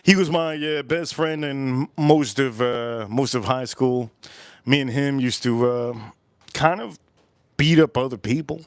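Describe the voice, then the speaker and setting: This man has a mid-range voice and a measured pace, with no room sound in the recording. Hosting a cigar review livestream from Miami, he chats loosely and rambles, repeating himself and voicing the people he quotes.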